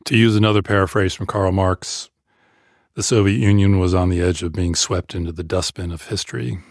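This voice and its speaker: Man, podcast co-host, lowish voice, dry studio sound, measured, analytical. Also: fairly even intonation, no echo. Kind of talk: conversational discussion.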